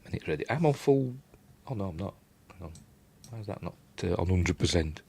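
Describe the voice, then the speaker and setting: A man's voice: sits low, animated, brisk, creaky, darkish tone, slight background noise. An older man with a Yorkshire accent hosting a casual live-stream chat, rambling and self-deprecating as he reads out viewer comments. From Yorkshire, England. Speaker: host. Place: at home late at night.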